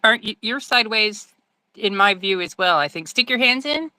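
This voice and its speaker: A woman chatting casually over a video call while making resin, talking loudly and laughing easily, close to her phone mic. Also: mid-range voice, moderate pace, poor audio. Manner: loud, animated, laughs easily. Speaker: guest resin maker. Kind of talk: casual live-stream chat while crafting. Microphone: phone mic on a video call, close to the face.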